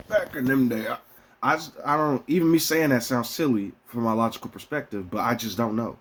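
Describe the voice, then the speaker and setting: A man venting casually to his viewers in a profane, rambling way, swinging between heated outbursts and quieter musings. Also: medium pitch, brisk, husky. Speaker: vlogger. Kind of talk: casual rant to camera.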